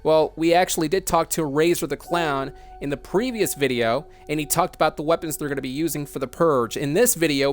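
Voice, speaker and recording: A man as broadcast announcer, giving a scripted dramatic news report in an urgent, emphatic way. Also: fairly high pitch.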